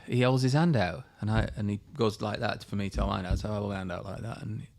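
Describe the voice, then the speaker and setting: A middle-aged man, a former pro golfer and podcast guest, telling a story in a lively way and laughing as he goes. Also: on the low side, fast talker.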